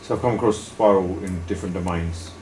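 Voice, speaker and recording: A man's voice: deep voice, brisk. A man in the audience speaking up in a group discussion, rambling and wry in a plain-spoken way. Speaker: audience member. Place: meeting room. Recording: echoey room, noisy.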